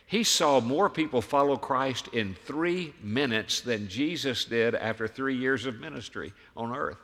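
A man preaching a sermon as a pastor, emphatic, firing rhetorical questions and swinging from hushed to loud. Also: mid-range voice, a little slow, in a large hall. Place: church sanctuary.

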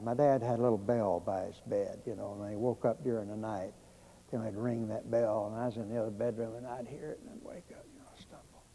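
A man's voice: lowish voice, creaky, dark tone, husky. Folksy preacher man in reverb. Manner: folksy, conversational with many pauses and fillers. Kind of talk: storytelling sermon. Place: church sanctuary.

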